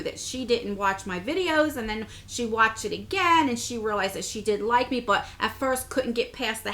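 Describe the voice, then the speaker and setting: A woman in her forties with a fairly high voice that swoops up and down as she talks. She chats casually as a beauty vlogger, reading out viewer comments and answering them in a rambling, easygoing way. She laughs often between her answers. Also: lively intonation, moderate pace, few pauses, bright, forceful tone. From New Jersey.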